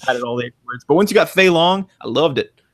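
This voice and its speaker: A man in his thirties co-hosts a casual gaming podcast. He talks in an animated way and acts out the lines in his stories. The sound is dry and close, with no room echo. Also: on the high side, brisk. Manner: animated storyteller, acts out quotes in big voices. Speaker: podcast co-host. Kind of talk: casual chat.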